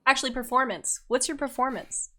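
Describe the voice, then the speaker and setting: A woman narrating as game master of a tabletop role-playing game, setting scenes briskly. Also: high-pitched, sharp tone.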